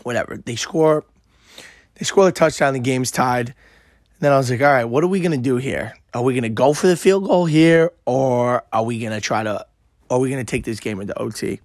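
A man with a gravelly, worn voice tells a football story in a casual, excitable way, swearing and filling gaps with "you know." His pitch sits in the middle, and the sound is dry and close. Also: brisk, no room sound. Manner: excited, swears often, many fillers. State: voice worn out from shouting. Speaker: podcast host.

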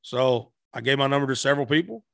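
A man's voice: mid-range voice, fast talker, vocal fry, a bit bright, no room sound, clean studio sound. A middle-aged man telling stories as a guest musician in a casual interview, rambling with frequent restarts.

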